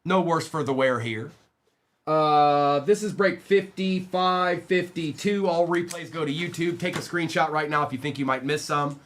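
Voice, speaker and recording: A man with a fairly high, slightly bright voice hosts a live-streamed trading card break. He chats casually with viewers, greeting them by name, and rattles off lists of player names quickly.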